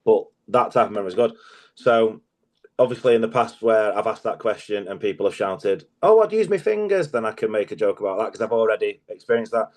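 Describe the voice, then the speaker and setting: A man's voice: on the low side, flat delivery, fairly quick, a little mellow. A middle-aged man, a guest comedian, chatting casually in an interview, telling stories, laughing often and swearing freely.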